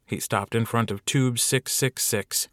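A man reading an audiobook with wry, lively storytelling. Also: mid-range voice, measured pace, dry recording, studio quality. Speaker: audiobook narrator. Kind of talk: scripted narration.

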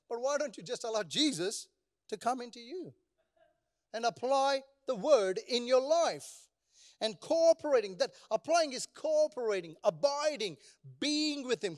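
A man's voice: extremely high pitch, lively intonation, measured pace. A male pastor preaching a sermon, asking the congregation rhetorical questions and calling for responses.

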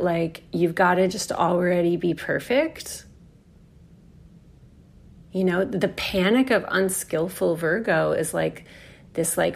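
Slow, gravelly woman musing on astrology. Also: lowish voice. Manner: unhurried, earnest, swears casually, acts out inner voices. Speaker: astrology speaker. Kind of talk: reflective spiritual monologue.

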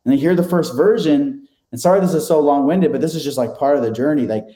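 A man's voice: a little high, quick pace, warm tone, echoey room. A man telling a long story as an interview guest, rambling and self-deprecating, with many fillers and small laughs. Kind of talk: casual storytelling.

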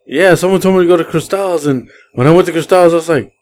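A man's voice: a little high, fast, a little mellow. A man co-hosting a podcast, chiming in with short remarks during a casual chat. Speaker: podcast co-host.

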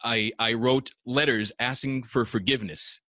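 Bright-voiced man, halting and confessional. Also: mid-range voice, fairly even intonation, no echo. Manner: halting, confessional, restarts often. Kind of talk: casual conversation.

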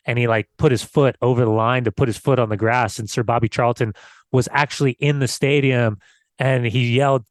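A man's voice: medium pitch, steady tone, fairly quick, no room sound. A man co-hosting a football podcast, talking in a loose, conversational way and searching for words. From United States. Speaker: podcast co-host. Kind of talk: casual football podcast chat.

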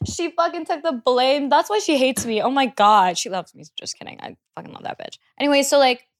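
Animated young woman telling stories. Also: sits high, a little fast, no echo, studio quality. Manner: animated, swearing, laughing storyteller. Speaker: guest musician. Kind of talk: casual podcast chat.

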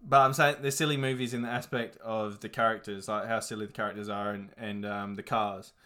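Young aussie guy, bit low voice, rambles about movies, lots of ums and swears. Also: fairly even intonation, brisk, pushed and bright. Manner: laid-back, rambling, many fillers and swearing. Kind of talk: casual chat reviewing movies.

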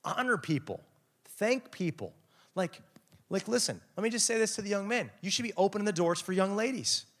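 An energetic young man delivering a youth sermon, his pitch leaping around as he acts out little scenes and jokes. He preaches casually and lets his voice jump high for effect. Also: a little fast. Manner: animated, jokey, acts out quotes with big pitch swings. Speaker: youth pastor. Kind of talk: lively sermon.

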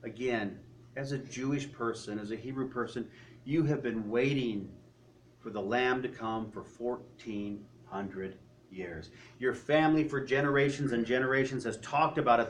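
Preacher, male, slightly higher pitch, storytelling sermon with rhetorical questions. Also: slight background noise. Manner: drops to a quiet, low voice for solemn moments.

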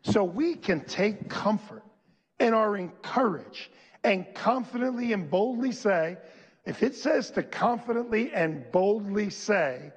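A male pastor preaching a sermon, leading the congregation to repeat lines back, slowing on key phrases and building to shouts. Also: high-pitched, expressive, slightly rough, big-room sound. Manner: slows and stresses key phrases, rising to shouts. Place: church.

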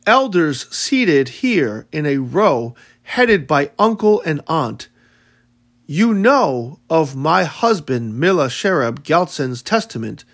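Grieving widowed mother, read by a man, formal pleading tone, slightly high voice, unhurried audiobook reading. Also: full character voice. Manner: formal, pleading address to elders. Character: grieving widowed mother, dignified then desperate.

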